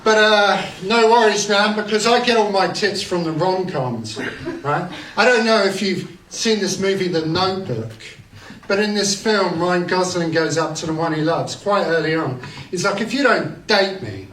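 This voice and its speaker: A man's voice: high-pitched, moderate pace, fairly bright tone. A man performing a rambling, crude stand-up comedy set on a club stage, full of self-mocking punchlines. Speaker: stand-up comic. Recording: echoey club, distant mic, crowd laughter. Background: laughing audience.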